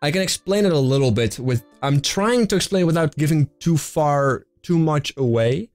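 A young man with a slightly high, animated voice and darkish tone runs a tabletop game as game master on a live stream, talking at normal speed. He chats casually and rambles with fillers and restarts while faint fantasy music plays behind him.

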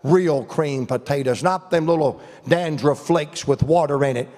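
A man's voice: on the high side, unhurried, darkish tone. An older man with a Southern American accent, preaching a folksy, humorous revival sermon in a church. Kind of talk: storytelling sermon. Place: church sanctuary. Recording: long church reverb.

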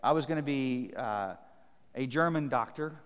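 A man's voice: mid-range voice, moderate pace, clean tone. Preaching man in a reverberant church. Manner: emphatic, repetitive preaching cadence; reads scripture aloud to the congregation. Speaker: pastor. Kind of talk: sermon. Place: church sanctuary.

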